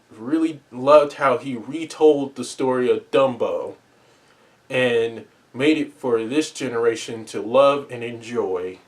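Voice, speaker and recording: Slow-talking earnest man reviewing a film. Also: medium pitch. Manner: earnest, repeats and restarts words, pleading asides. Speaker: movie reviewer. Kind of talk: casual spoken movie review.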